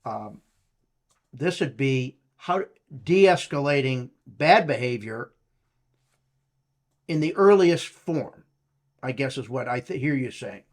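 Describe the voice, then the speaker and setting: A man's voice: medium pitch, lively intonation, takes it slowly, long pauses. Man host rephrasing his questions. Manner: hesitant, rephrasing questions with fillers. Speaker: interview host. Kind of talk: conversational interview.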